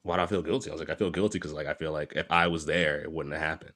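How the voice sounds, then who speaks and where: A man's voice: very deep voice, fairly even intonation, very fast, fairly bright tone. A man talking openly and casually, rambling a little, swearing and laughing often. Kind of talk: casual podcast chat.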